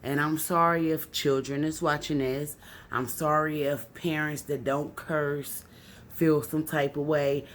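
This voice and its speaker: Young woman, emotional confessional vlog delivery, tipsy, swinging from hushed to loud and cursing. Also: flat delivery, a little slow, a little hiss or hum. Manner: raw, profane, swings from low and subdued to loud and angry. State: tipsy from drinking. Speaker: vlogger. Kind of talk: emotional personal storytelling.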